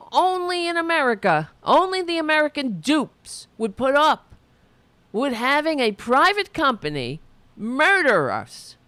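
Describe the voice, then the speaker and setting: A woman's voice: high-pitched, a bit bright, no echo. A woman hosting a political commentary show, delivering a profane, sarcastic, heated rant.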